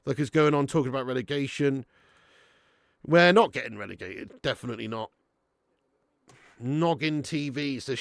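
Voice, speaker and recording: A man hosting a football watch-along stream, reading out chat comments in a blunt, sweary manner and breaking into loud rants. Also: medium pitch, creaky, no echo, clean studio sound. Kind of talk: casual live-stream chat.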